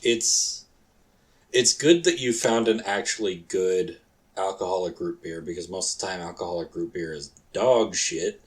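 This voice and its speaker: A man's voice: deep voice, normal speed. A man co-hosting a podcast in casual chat, crude and joking, swearing freely. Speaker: podcast co-host and storyteller.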